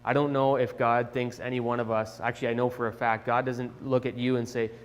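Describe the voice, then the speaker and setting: A young man telling a children's Bible lesson in a chatty, animated way, with restarts, in an echoey church hall. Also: mid-range voice, a little fast, few pauses. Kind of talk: casual Bible storytelling for children. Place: church sanctuary.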